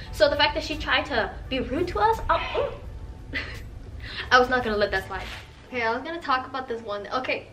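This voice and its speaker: A young woman vlogger telling stories to camera in a sassy, animated way, swearing freely. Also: high voice, slight background noise. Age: young adult. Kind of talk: casual storytelling to camera.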